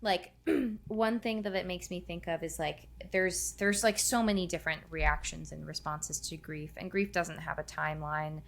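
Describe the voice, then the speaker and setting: A woman co-hosting a podcast in casual chat, her voice on the low side for a woman. She speaks softly and thoughtfully, weighing her words. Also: fairly even intonation, normal speed, vocal fry, few pauses. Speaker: podcast co-host.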